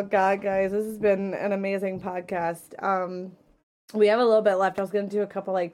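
A woman's voice: lowish voice, darkish tone. Playful woman hosting a home podcast. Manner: playful, laughing, teasing. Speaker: streamer and podcast host. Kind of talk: casual podcast chat. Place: home stream office.

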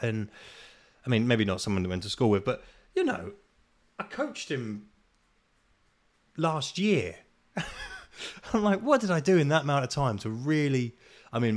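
A man hosting a solo podcast, ranting in a casual, exasperated way with plenty of swearing and self-deprecating laughs. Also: medium pitch. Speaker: podcast host.

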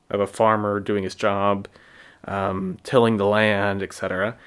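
A man's voice: lowish voice, flat delivery, normal speed, clear, resonant tone. An American man hosting a solo podcast, talking reflectively in a rambling way with fillers and restarts. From United States. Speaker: podcast host.

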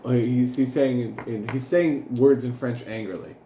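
A man's voice: medium pitch, fairly even intonation, moderate pace, reverberant, noisy background. A man narrating as game master of a tabletop role-playing game, often laughing as he talks.

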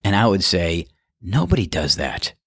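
Here a golf course starter, low-pitched and husky, delivers a relaxed story monologue at normal speed, vividly imitating the people in it. The recording is studio quality with no room sound.

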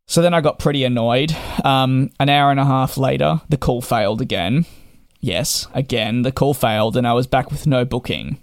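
A man's voice: medium pitch, normal speed, no echo, studio quality. A young man telling an exasperated story as a travel vlogger, speaking emphatically. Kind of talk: casual monologue to camera.

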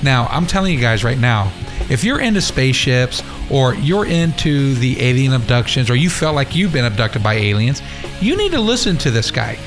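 With music playing behind him, a very animated podcast host talks at a moderate pace on his internet radio show. He yells and swears heavily in an angry rant, his pitch rising with anger, before turning to casual talk about upcoming shows.

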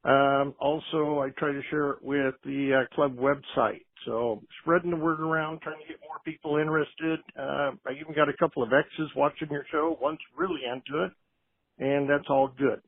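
A man's voice: a little high, fairly even intonation, moderate pace, slightly rough. A man leaving a long, rambling voice message for a podcast as a caller. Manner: chatty and long-winded. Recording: tinny phone line.

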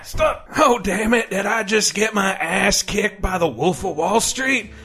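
A man putting on a cocky gravelly rival actor. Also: medium pitch, sing-song, extremely slow, music in the background, pitched below the performer's own voice, heavily acted. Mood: smug.

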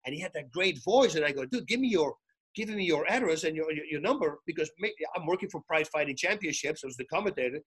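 High, husky-voiced man telling stories. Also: fast. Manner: excitable, acts out quoted dialogue, frequent restarts. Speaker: guest, retired fighter and commentator. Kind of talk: animated storytelling in casual chat.

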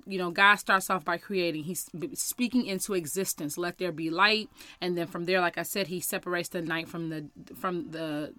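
A woman's voice: on the low side, pushed and bright, no echo. A woman hosting a faith podcast, talking earnestly and conversationally about prayer and rest, with scripture quotes. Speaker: podcast host and minister. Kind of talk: devotional podcast talk with scripture reading.

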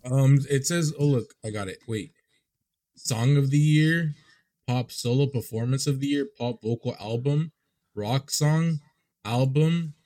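Laid-back young man with a dark voice. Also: mid-range voice, unhurried. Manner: laid-back, swears a lot, laughs often. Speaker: podcast co-host. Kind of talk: casual chat.

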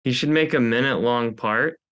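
A man guesting on a podcast talks in a loose, rambling way and turns self-conscious jokes on himself. His voice is bright and sharp, sitting at an everyday middle pitch for a man. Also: a little fast, clear, resonant tone. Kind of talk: casual chat. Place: podcast studio.

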